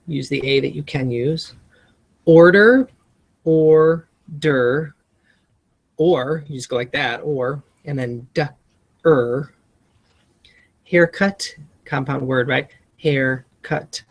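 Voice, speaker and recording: Teacher for a spelling lesson prep walkthrough, unhurried, sounds words out letter by letter. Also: mid-range voice, vocal fry. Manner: friendly, chatty asides. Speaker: reading teacher coaching other teachers.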